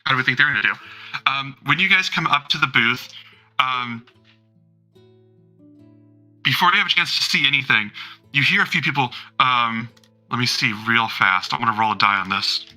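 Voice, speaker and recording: A man's voice: medium pitch, moderate pace, pauses often, sharp tone, soft background music, rough recording. A man narrating as game master of a tabletop role-playing game, rambling casually with many fillers and the odd swear.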